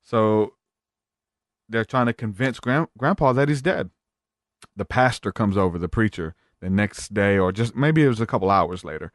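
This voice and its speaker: A man's voice: on the low side, animated, moderate pace, no room sound, clean studio sound. A man as a podcast guest, retelling a story in a rambling casual way with many fillers.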